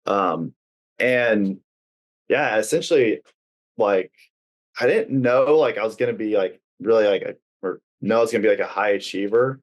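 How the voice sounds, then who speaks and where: A young adult man with a fairly low voice speaks at normal speed as a guest on a podcast interview. He talks earnestly and casually, saying "like" a lot and restarting hesitantly.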